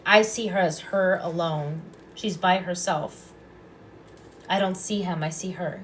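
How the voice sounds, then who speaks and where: Calm, lower-voiced woman doing psychic readings. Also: unhurried, a little hiss or hum. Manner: calm, soft-spoken, repeats phrases. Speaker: psychic reader and past life regressionist. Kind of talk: live-stream intuitive readings.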